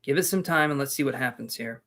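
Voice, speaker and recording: A man's voice: mid-range voice, fast, bright, forceful tone. A man giving live-stream tarot readings, talking casually to his viewers with joking asides. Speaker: tarot reader.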